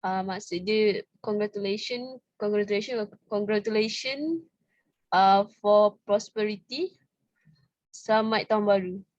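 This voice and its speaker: A woman student reads aloud in class, hesitant and hunting for her words. She speaks very slowly, and her voice is dry, with no room sound around it. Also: medium pitch, darkish tone, no echo, muffled recording. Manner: hesitant, slow reading with fillers.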